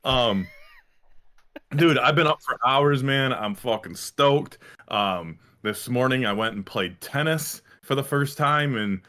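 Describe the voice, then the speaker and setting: A man's voice: medium pitch, slow, sharp tone. A man co-hosting a podcast in casual chat, rambling and swearing with lots of fillers and restarts. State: a little winded. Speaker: podcast co-host.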